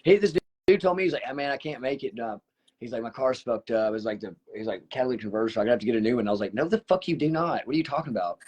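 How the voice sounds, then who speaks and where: A man's voice: mid-range voice, racing, a little mellow, slightly rough. A man hosting a podcast, blunt and profane as he teases his guest and tells his own stories. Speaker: podcast host. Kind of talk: casual podcast chat.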